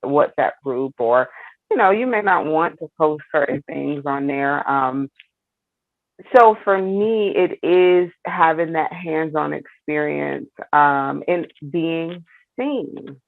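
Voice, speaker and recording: A woman's earnest voice with a gravelly edge, heard through a tinny, phone-like line. The sound is dry and close, and she speaks with emphasis. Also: sits low, slow pace, dry recording. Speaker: program participant. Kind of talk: casual chat on a video call.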